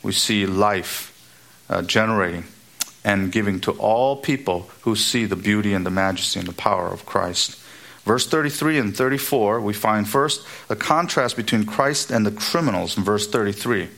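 A man preaching an expository sermon, emphatic and building to high, repeated exhortations. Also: moderate pace, vocal fry, fairly bright tone.

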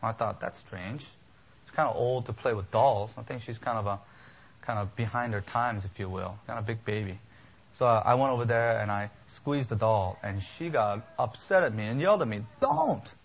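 Husky-voiced preacher in a sermon. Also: male voice, fairly low pitch, fairly quick. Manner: emphatic, building preaching with lists and rhetorical questions. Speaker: pastor. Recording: dull lo-fi sermon recording.

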